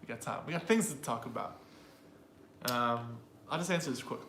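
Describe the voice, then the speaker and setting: A man's voice: mid-range voice, moderate pace, creaky, fairly bright tone, a little hiss or hum. A man co-hosting a casual chat, explaining ideas in a rambling way with many restarts and playful demonstrations. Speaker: co-host, English teacher. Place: room with a piano. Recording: echoey room, faint ambience.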